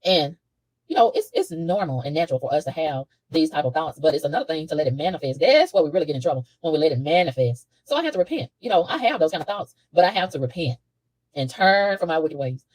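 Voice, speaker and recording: A woman talking to camera in a casual spiritual monologue from a room, animated and preachy, laughing often and repeating words. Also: sits low, fast, no echo, rough recording. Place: hotel room.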